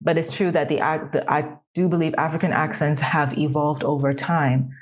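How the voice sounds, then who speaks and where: A woman's voice: low voice, little pitch movement, normal speed. A woman co-hosting a podcast, talking through a film in a thoughtful, questioning way. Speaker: podcast co-host. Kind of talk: casual conversational film discussion.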